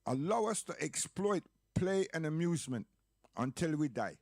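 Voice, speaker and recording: Man preaching hard about his community, repeats himself a lot, slightly high voice, dry close sound. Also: animated, moderate pace, creaky, dry recording. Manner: emphatic, repetitive, rhetorical questions. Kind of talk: impassioned monologue.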